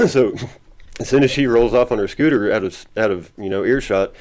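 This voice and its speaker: A man's voice: on the low side, normal speed, darkish tone. A man telling a story as an interview guest, rambling and laughing often. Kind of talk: casual storytelling.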